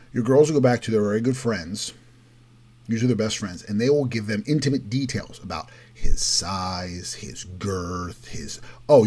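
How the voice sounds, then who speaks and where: Hosting a political commentary show, this man delivers an opinionated monologue, emphatic throughout, and mocks others by quoting them in a raised voice. His voice is fairly low, mellow, and husky.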